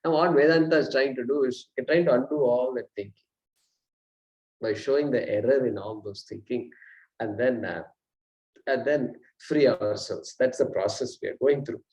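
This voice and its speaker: A man's voice: medium pitch, normal speed, darkish tone, rough recording. A man teaching a Vedanta class in a conversational lecture style, often repeating himself and asking rhetorical questions.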